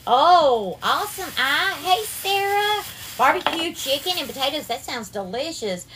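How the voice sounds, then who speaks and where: A woman with a Southern US accent runs a casual cooking livestream, her voice sitting a little high. She talks in an affectionate way, calling viewers darling and sweetheart as she greets them by name. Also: big pitch swings, a little slow, noisy background. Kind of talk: casual live-stream cooking chat.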